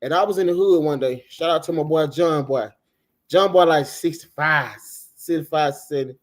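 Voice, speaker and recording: A middle-aged man co-hosting a casual chat, telling animated, profane stories and acting out the people he quotes. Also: on the high side, moderate pace. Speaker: co-host.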